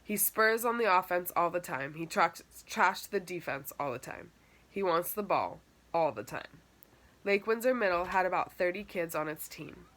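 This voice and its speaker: A woman's voice: fairly low pitch, animated, moderate pace, a bit bright. Woman narrating an audiobook in first person.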